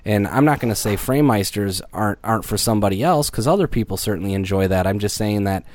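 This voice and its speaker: A man co-hosting a casual podcast, talking in an animated way and swearing casually. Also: lowish voice, quick pace. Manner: animated, swears casually, mocks others in a put-on surfer voice. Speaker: podcast co-host.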